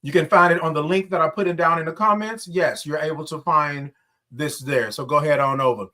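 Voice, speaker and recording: A man's voice: on the high side, a little fast, pushed and bright. A man hosting a casual morning livestream, greeting viewers by name and stretching out his sung greetings. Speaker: livestream host.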